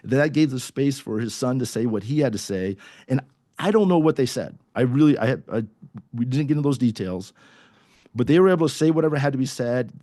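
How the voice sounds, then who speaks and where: A man's voice: mid-range voice, lively intonation, fairly quick, dark tone, no echo, studio quality. A man, a core values coach, telling a personal story on a podcast in a casual way, acting out quoted dialogue with many restarts.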